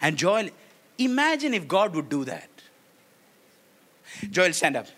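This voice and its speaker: A man's voice: sits high, big pitch swings, a little slow, a bit bright. A man preaching a sermon to a congregation in a church, leading call-and-response and laughing often.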